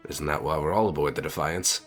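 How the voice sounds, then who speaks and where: A man's voice: extremely low pitch, fast talker, faint music behind, pitched below the performer's own voice. A man voicing an eager male marine who joined the voyage for riches, earnest and deferential to his officer.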